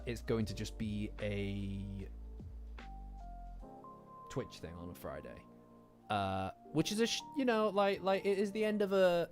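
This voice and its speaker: A man hosting a casual chat with viewers late at night, tired and yawning, rambling with frequent restarts and jokes to his audience. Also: mid-range voice. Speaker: anime and manga commentary channel host. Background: lo-fi background music.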